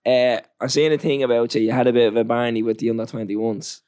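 A man's voice: mid-range voice, steady tone, fast, darkish tone, smooth, close to an everyday voice. A man putting on a Scottish accent to play a probing male sports interviewer asking pointed questions. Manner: mock-serious probing questions.

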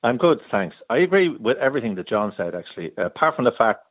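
A man's voice: medium pitch, very animated, fast, no echo. Wry Sligo man on a phone line. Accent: Sligo Irish. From Sligo, Ireland. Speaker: caller. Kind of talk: radio phone-in chat.

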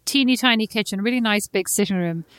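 A woman talks quickly into a close, dry podcast mic. She is a chatty storyteller who puts on voices for the people in her story. Her pitch sits in a middle range. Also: a bit bright, dry recording. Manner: chatty storyteller, acts out quoted exchanges. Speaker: podcast co-host. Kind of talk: casual chat.

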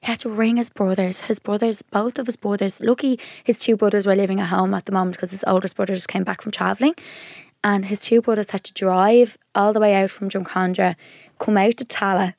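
A young woman with a Dublin Irish accent tells a rambling, chatty story, sprinkling every sentence with "like". Her voice has a gravelly fry to it, recorded on a dry, close podcast mic. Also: medium pitch, steady tone, a little fast, a little mellow, no room sound. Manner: chatty storyteller, many likes. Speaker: podcast co-host. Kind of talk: casual chat.

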